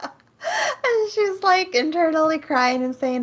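Brief: woman co-host, bright high voice, giggly, mostly backs up her partner, muffled lo-fi audio. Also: sing-song, moderate pace, husky. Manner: laughs often, short agreeing replies. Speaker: podcast co-host. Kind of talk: casual movie recap chat. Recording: dull lo-fi sound.

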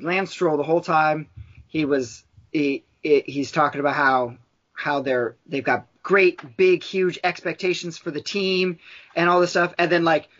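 A man's voice: fairly high pitch, a bit bright, lo-fi sound. A man co-hosting a podcast in casual chat, rambling and swearing, with lots of fillers. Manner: rambling, profane, with frequent fillers. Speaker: podcast co-host.

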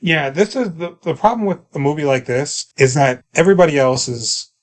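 A man's voice: on the high side, a little fast. A man co-hosting a podcast, chatting casually and wryly about a movie, often restarting his sentences. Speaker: podcast co-host. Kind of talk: casual movie review chat.

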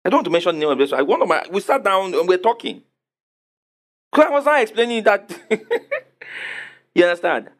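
A man's voice: high-pitched, sing-song, fast, long pauses. A man preaching a sermon, repeating questions to the congregation and answering them emphatically. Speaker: pastor.

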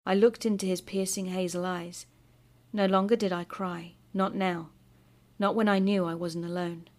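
A woman reading a scripted first-person horror story in a measured, bitter tone. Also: fairly low pitch, fairly even intonation, darkish tone. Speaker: story narrator. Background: music.

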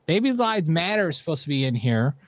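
Lively, teasing male talk show host. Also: a little high, fairly quick, crowd noise. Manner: teasing, animated, questioning. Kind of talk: casual online talk show chat.

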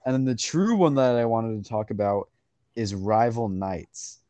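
Young guy podcast host, kinda low mellow voice, rambly, says like a lot, dry close sound. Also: lively intonation, a little slow, dry recording. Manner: rambling, laughs often, lots of "like". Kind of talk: casual chat.

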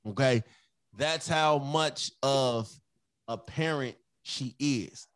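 A man speaking at an unhurried, deliberate pace in a casual podcast conversation, with a medium-pitched voice. He leans on repetition for emphasis and sometimes slips into his children's voices. The sound is dry and close, with no room echo. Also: clean tone. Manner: emphatic, repeats phrases, acts out his kids' voices. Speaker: podcast co-host.

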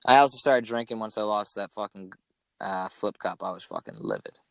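A young man in casual chat, swearing often and telling stories with animated energy. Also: fairly low pitch, a little fast, vocal fry, no room sound. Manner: swears a lot, animated storytelling.

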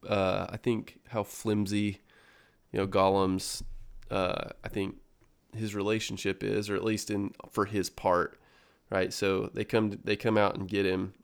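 A man's voice: fairly low pitch, little pitch movement, unhurried, vocal fry, clean tone. A man co-hosting a podcast, reflecting on a book in a casual, hesitant way with many ums. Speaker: podcast co-host.

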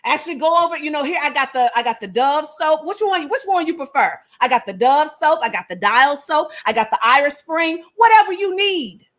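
A woman's voice: high-pitched, animated, a little fast, hardly any pauses, a bit bright. A woman playing Peter as an eager, overexcited grown man, in a comic, pleading voice.

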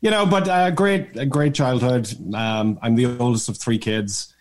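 A man from Ireland whose Irish accent has faded after years in America, telling stories in a relaxed, joking way as a podcast guest. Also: mid-range voice, moderate pace. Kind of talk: casual interview chat.

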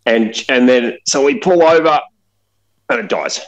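On a low-quality recording, an Australian podcast co-host recounts a funny story in casual conversation over a remote call. He speaks at a measured pace with a medium-pitched voice, telling the anecdote with animation.

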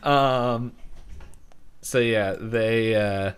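A man with a somewhat low voice recaps a cartoon episode on a casual podcast. He rambles, laughs easily and keeps slipping into quick voices for the lines he quotes. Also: a little hiss or hum. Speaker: podcast co-host.

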